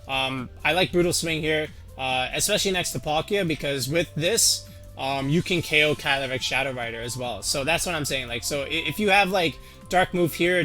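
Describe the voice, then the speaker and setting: A competitive game YouTuber walks casually through a teambuilding tutorial for a game, rambling with plenty of fillers and restarts. His voice sits fairly high and has a fairly bright tone.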